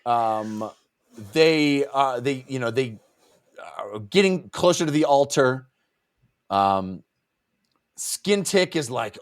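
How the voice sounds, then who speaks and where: A man's voice: mid-range voice, animated, slow pace, long pauses. A man co-hosting a book-club podcast, chatting casually, laughing often and slipping into goofy character voices. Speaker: podcast co-host.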